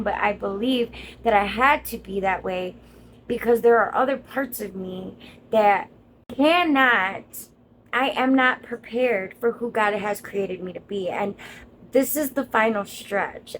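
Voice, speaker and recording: A woman's voice: a little high, slight background noise, poor audio. A woman content creator giving an earnest, encouraging motivational monologue straight to her viewers.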